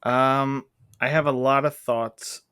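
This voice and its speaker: A man co-hosting a casual movie review, talking at length in a loose, animated way. His voice sits in a middle range and is recorded dry and close, with no room sound. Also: mid-range voice, slow pace, clear, resonant tone, no room sound. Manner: rambling, animated, acts out quotes. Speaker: podcast co-host.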